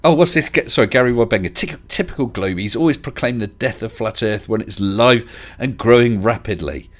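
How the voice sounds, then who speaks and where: A man's voice: medium pitch, brisk. A man hosting a casual live stream chat, talking in a hesitant, chatty way with restarts and chuckles. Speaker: livestream host.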